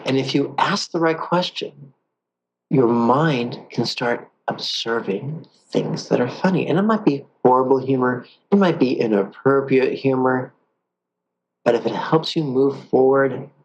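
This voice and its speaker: A man teaching a guided meditation in a calm, playful way, slowing down for the guided phrases. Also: mid-range voice, highs cut off, slight background noise.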